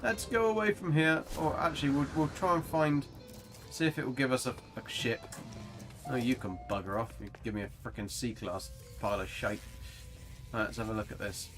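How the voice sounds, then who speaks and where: A man's voice: medium pitch, fairly even intonation, brisk, music in the background. Chatty British man streaming a game. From England. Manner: chatty, rambling, casually swearing. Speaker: gaming livestreamer. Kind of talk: casual gameplay commentary.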